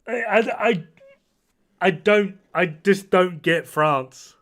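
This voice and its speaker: High-pitched with a fairly bright tone, he takes his time speaking. The young man, half Norwegian, is streaming a game and chatting loosely with viewers, swearing a lot and often beginning sentences again.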